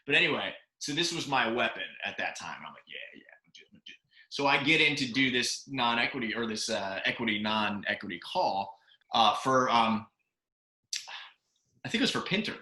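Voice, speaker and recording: A man spins a casual anecdote, his voice bright and ringing, swooping between high and low as he laughs and acts out the people in it. The sound is roomy, with a clear echo around him. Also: moderate pace. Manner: animated, laughs often, acts out quoted lines. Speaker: podcast co-host.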